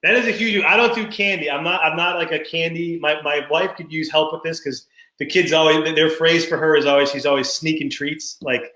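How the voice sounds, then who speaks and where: A middle-aged man co-hosting a casual dad podcast, telling animated stories about his kids and laughing often. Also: a little high, a little fast, roomy sound, low-quality recording. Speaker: podcast co-host. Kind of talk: casual chat.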